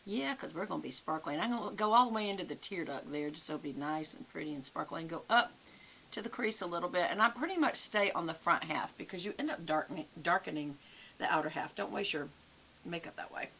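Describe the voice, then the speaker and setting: An older woman with a Southern US accent, a beauty vlogger, chats through a makeup tutorial in a friendly, folksy way, calling her audience "y'all." Her lowish voice is expressive, quick, creaky, and pushed and bright. It's a rough recording with faint hiss.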